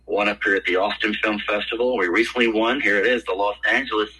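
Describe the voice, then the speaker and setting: An older man talks on a podcast with a forceful, bright, somewhat rough voice. He tells his stories with energy and slips into the voices of the people he quotes. The sound is a little thin, as if heard over a phone. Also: lowish voice, fast talker, poor audio. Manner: animated storyteller, acts out quoted voices. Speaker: actor guest. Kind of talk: casual podcast interview storytelling.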